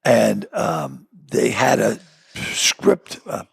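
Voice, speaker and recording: A gravelly, raspy-voiced man with a Boston accent tells stories as a comedian guest. His pitch leaps around as he acts out the people in them. The sound is close and dry. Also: very slow, no echo. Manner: animated storyteller acting out quotes. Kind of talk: storytelling chat.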